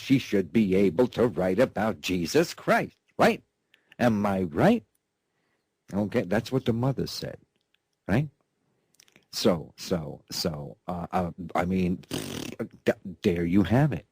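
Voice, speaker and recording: Gravelly, rambling male news host. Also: deep voice, darkish tone, dry recording. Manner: rambling, mocking, repeats himself. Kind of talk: sarcastic news commentary.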